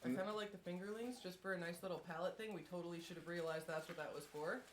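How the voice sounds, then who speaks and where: A woman's voice: fairly low pitch, fast talker, a little hiss or hum. Bubbly teasing female podcast co-host. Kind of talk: casual chat, taste-testing treats.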